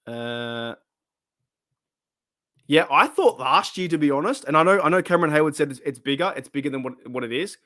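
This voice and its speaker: A man in his thirties chats loosely on a livestream, looping back over his words and swearing casually. His voice sits a little high and is wearing thin. The sound is dry and close, with no room echo. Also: animated, normal speed, bright, forceful tone. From Australia. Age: 30s. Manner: rambling, repeats himself, swears casually. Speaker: livestream host. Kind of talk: casual livestream chat reading comments.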